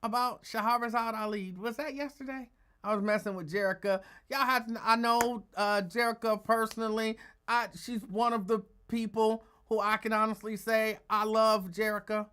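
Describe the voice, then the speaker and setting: A man hosts a casual live stream and greets viewers one by one. His talk is rambling and full of self-corrections, and now and then it drops to a low mutter. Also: fairly even intonation, normal speed, sharp tone, smooth. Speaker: host of a live call-in show.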